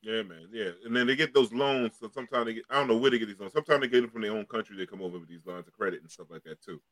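A man hosting a loose podcast conversation, his voice bright and forceful. He jokes around in an animated way and uses lots of slang. The sound is dry and close. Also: on the low side, rapid-fire, no echo. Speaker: host. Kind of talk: casual podcast chat.

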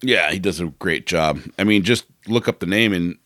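Easygoing co-host with dry sound. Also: male voice, low voice, normal speed, fairly bright tone, no room sound. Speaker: podcast co-host. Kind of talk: casual podcast banter.

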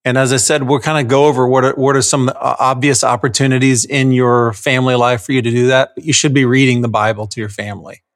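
A man's voice: mid-range voice, little pitch movement, quick pace, hardly any pauses. Earnest man co-hosting a chat. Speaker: podcast co-host teaching fathers. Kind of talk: casual chat.

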